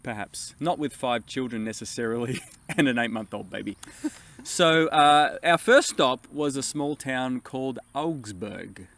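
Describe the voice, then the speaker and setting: An Australian man co-hosting a family vlog, his pitch rising and falling a lot as he talks. He jokes at his own expense and trips over his words, restarting sentences often. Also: a little slow, gravelly. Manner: animated, self-mocking, hesitant with restarts. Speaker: co-host. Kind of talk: casual family vlog chat.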